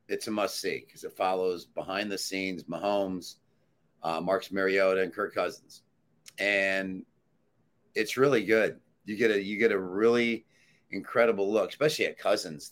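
A man's voice: low-pitched, a bit bright. A man handicapper in casual sports talk, confidently and emphatically giving his betting picks.

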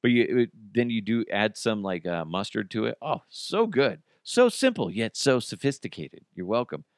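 A man's voice: lowish voice, expressive, normal speed, no room sound, clean studio sound. A middle-aged man hosting a casual solo podcast, talking bluntly with profanity and sarcastic asides. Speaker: podcast host.

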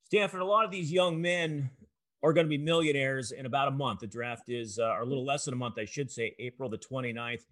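A man's voice: medium pitch, a little fast, a bit bright. A man hosting a casual interview, asking short conversational questions.

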